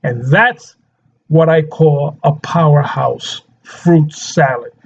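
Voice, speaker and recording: Man with a fairly high voice, a chatty nutrition coach who laughs a lot, on dull lo-fi audio. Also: slow pace, creaky. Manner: chatty, laughs often, keeps checking in with "okay?". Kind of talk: casual health talk to camera.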